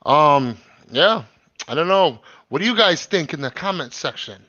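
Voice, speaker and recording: Male host on a live stream: a bright, dry, lo-fi voice, rambling with lots of fillers. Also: on the high side, expressive, moderate pace, no room sound. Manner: rambling, many fillers and restarts. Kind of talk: casual chat reading comments.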